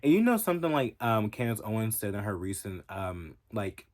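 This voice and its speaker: A man with a lowish voice delivers a profane, heated reaction rant straight to his viewers. He talks emphatically and angrily as a vlogger. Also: sing-song, brisk, darkish tone. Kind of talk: ranting reaction commentary.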